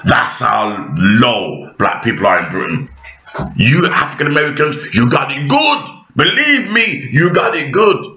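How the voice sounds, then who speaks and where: A man giving an impassioned monologue to camera, emphatic, rising to shouts and then dropping low and pleading. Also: sing-song, unhurried. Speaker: video commentator. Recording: echoey room, dull lo-fi sound.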